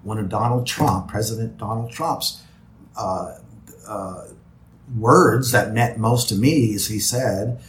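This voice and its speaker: A man's voice: on the low side, slow pace. Rambling man, echoey room. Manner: rambling, many restarts and repeated words. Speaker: podcast guest. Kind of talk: casual interview chat.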